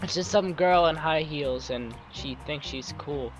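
A man's voice: on the high side, unhurried. Commentator, male, sore throat: rambling, self-mocking gameplay chatter over faint game music. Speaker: let's play commentator.

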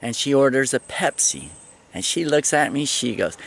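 A man in his fifties telling stories in a casual vlog, animated and swearing freely. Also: medium pitch, normal speed, creaky, slightly rough. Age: 50s. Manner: animated, swearing, laughing storyteller.

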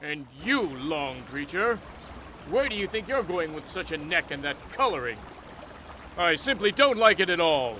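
A man's voice: a little high, sing-song, normal speed, bright, forceful tone, a little hiss or hum. A man voicing an arrogant, vain male cartoon lion with a haughty, sneering manner.

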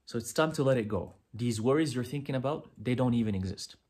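A man's voice: mid-range voice, fast talker, darkish tone, husky. A man giving a pick-a-pile tarot reading, speaking earnestly and directly to the listener, often repeating himself. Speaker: tarot reader.

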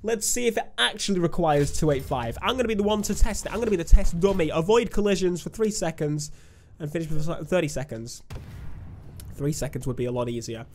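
A man's voice: on the high side, brisk, darkish tone, slight background noise. A young man giving chatty, self-mocking commentary while playing a video game. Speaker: gaming YouTuber. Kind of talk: let's-play commentary. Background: game music.

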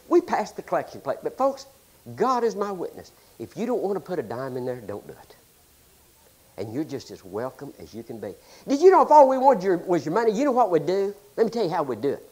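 Pastor, male, folksy and joking, voice leaps up and drops to near-hush, very animated pitch. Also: breathy edge. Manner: folksy, joking, swings between loud and hushed. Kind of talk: humorous sermon.

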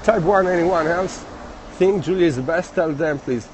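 Walking outdoors through city streets, a man with an Italian accent chats casually on a live stream, reading viewer comments aloud. His fairly high voice is friendly and chatty, with halting, non-native phrasing, and there's a little hiss or hum.

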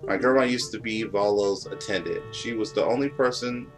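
A man's voice: on the low side, normal speed, lightly acted, rough recording. A man reading as a sulky young bird prince. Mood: wistful. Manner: petulant, proud, defensive. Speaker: game dialogue reader. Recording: game music underneath.

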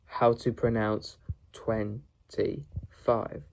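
A man repeating numbers over and over in a slow pronunciation drill, sometimes breaking them into single sounds. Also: fairly low pitch, level tone, gravelly, slight background noise, low-quality recording. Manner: repeats each number many times, splitting it into sounds. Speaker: pronunciation teacher.

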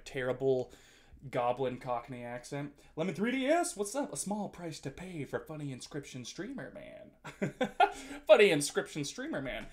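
A playful male streamer in casual live chat, greeting viewers and teasing them as he reads their messages. His voice is mid-pitched and swoops up and down a lot as he jokes.

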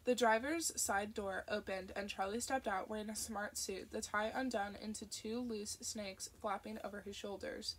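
A woman reading an audiobook narration in a steady, expressive way. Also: medium pitch, moderate pace, few pauses.

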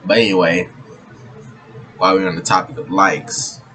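A man's voice: sits low, level tone, normal speed, bright, forceful tone, slight background noise, poor audio. A man hosting a reaction channel, chatting casually with frequent "bro" and laughter. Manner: laid-back, says "bro" constantly, laughing asides.

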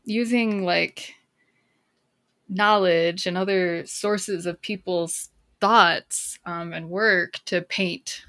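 A woman guest on a podcast, a counselor and author, talking reflectively with many "like" fillers and bursts of excited emphasis. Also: on the low side, very slow, no echo, clean studio sound. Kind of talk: casual podcast conversation.

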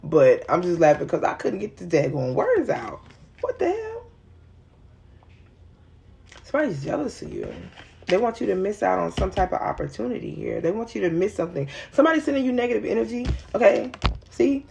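A woman's voice: mid-range voice, big pitch swings, fairly quick, gravelly, a little mellow, a little hiss or hum. A woman giving a casual tarot reading, chatty and rambling, talking straight to her viewers in an informal, slangy way. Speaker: tarot reader.

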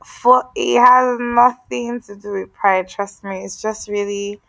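Gravelly-voiced Nigerian woman co-host. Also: medium pitch, slow pace, dry recording, low-quality recording. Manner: animated and emphatic, pleading asides. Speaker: podcast co-host. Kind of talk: casual chat.

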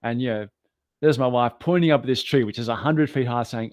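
Male guest, mid-pitch, animated self-deprecating storyteller, dry close sound. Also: fairly quick, dry recording. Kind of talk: anecdotal storytelling.

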